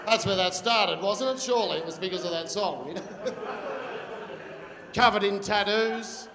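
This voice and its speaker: A man's voice: high voice, normal speed, vocal fry. A man in his forties with an Australian accent doing a crude stand-up routine, teasing the crowd. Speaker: stand-up comedian. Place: large function hall. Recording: echoey hall, loud crowd.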